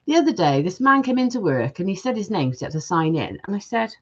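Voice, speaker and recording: A woman's voice: mid-range voice, sing-song, fast, breathy edge, lo-fi sound. A woman hosting a live jewellery-making stream, chatting casually and reading viewer comments aloud.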